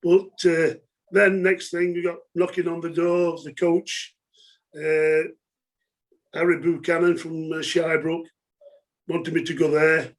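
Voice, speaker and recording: Middle-aged bloke telling football stories, pretty high voice, chatty and laughing. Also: male voice, little pitch movement, measured pace, pauses often. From England. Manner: chatty, laughing, many fillers. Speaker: former footballer, guest. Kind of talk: casual storytelling interview.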